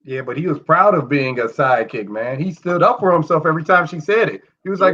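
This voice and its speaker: Relaxed man on dull lo-fi mic. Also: fairly high pitch, fast, few pauses. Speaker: podcast co-host. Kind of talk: casual comic book chat.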